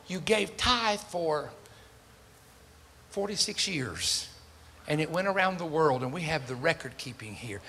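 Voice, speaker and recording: A man's voice: fairly high pitch, a little slow, pauses often, husky. An older man, preaching a sermon and telling stories, acting out the voices of the people in them. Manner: animated, acts out quoted voices, jokes with the congregation. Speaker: pastor. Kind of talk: sermon with storytelling. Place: church sanctuary. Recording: reverberant hall with faint ambient noise.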